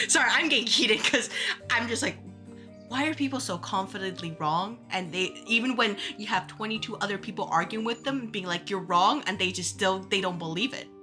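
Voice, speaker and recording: A woman streamer chatting casually while playing a game, ranting in an animated way with quick asides and restarts. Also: medium pitch, faint music behind. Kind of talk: casual gaming stream chat.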